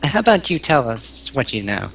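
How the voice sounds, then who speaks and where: A man's voice: mid-range voice, sing-song, moderate pace, creaky. A man plays a tabletop game, describing what his character does in a casual tone. His voice sits in a middle range. The sound is dull and lo-fi, with faint noise. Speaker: player.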